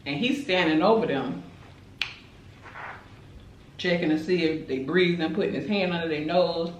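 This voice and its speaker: A woman's voice: fairly low pitch, moderate pace, pauses often, reverberant, a little hiss or hum, rough recording. A woman tells a dramatic story in casual chat while eating on camera. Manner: animated, chatty, dramatic retelling. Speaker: mukbang host.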